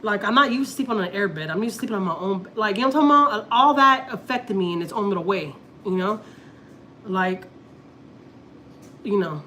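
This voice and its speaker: A Texas woman talks loosely to her viewers, circling back and repeating herself as she tells a story. Her pitch sits at a middling level. Faint noise hums under the recording. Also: expressive, brisk, pushed and bright. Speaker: family vlogger. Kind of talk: casual live-stream chat.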